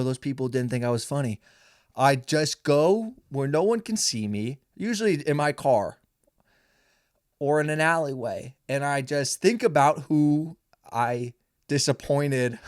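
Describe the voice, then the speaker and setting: A man's voice: medium pitch, no echo, clean studio sound. A young man hosting a casual solo podcast, rambling and swearing freely, mocking himself as he talks. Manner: rambling, profane, self-mocking. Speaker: podcast host.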